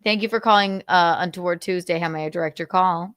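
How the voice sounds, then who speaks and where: A woman's voice: on the low side, fast, a bit bright, no room sound, studio quality. A woman co-hosting a call-in podcast, chatting casually and playfully, with frequent giggles. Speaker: podcast co-host. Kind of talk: casual chat.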